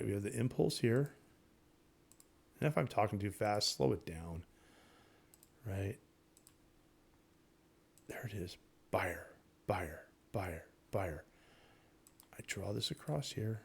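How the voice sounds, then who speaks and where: A man teaching day trading over his charts in a casual, excitable way, repeating himself and talking straight to viewers. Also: on the low side, moderate pace, creaky, long pauses, breathy edge. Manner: excitable, repetitive, talks to viewers directly. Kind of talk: casual screen-share trading lesson.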